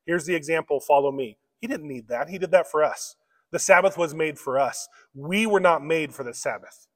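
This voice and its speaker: Man, pastor preaching, fairly high voice, earnest conversational delivery, long church reverb. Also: normal speed. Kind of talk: sermon. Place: church sanctuary.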